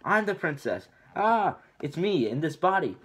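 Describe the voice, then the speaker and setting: A man's voice: medium pitch, steady tone, racing, natural voice. A man reading as a cursed ogre princess. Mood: insisting. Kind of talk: casual amateur script reading.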